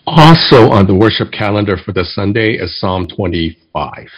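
A man delivers a sermon as a pastor, his voice low and a little husky. He tells stories at a measured pace and slows down to read poetry. The recording sounds dull and lo-fi. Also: expressive. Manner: measured storytelling, reads poetry slowly.

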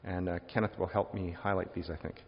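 A man preaching a sermon, lively and wry, acting out quoted questions in different voices and adding joking asides. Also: low voice, fast, gravelly. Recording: dull lo-fi sound with long hall reverb.

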